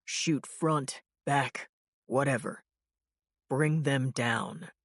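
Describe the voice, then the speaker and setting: Woman doing a gruff older police chief, deep and blunt, storybook thriller, dry close sound. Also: very slow, dry recording, heavily acted. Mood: stern.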